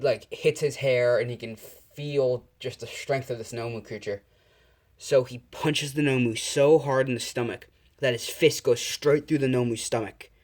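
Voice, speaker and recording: A man telling an improvised fan-fiction story in a casual, rambling way, full of fillers and self-corrections. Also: medium pitch.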